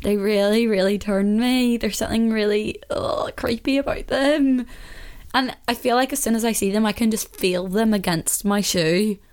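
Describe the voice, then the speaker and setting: A woman's voice: mid-range voice, moderate pace, darkish tone, clear, resonant tone. Chatty Northern Irish woman podcaster. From Northern Ireland. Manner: chatty, opinionated, often laughing. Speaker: podcast host. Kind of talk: casual solo podcast chat.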